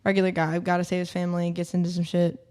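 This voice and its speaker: A woman's voice: lowish voice, completely flat delivery, fast talker, mellow, clear, resonant tone. A young woman, a college cheer captain rambling through a story as a guest in a casual podcast chat. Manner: rambling, filler-heavy storytelling.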